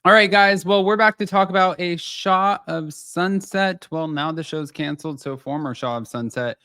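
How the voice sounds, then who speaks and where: A man's voice: high voice, normal speed, clean tone, no room sound. Chatty male gossip host, dry sound. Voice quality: slightly nasal today. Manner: chatty, animated, addresses viewers directly. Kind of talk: casual celebrity gossip chat.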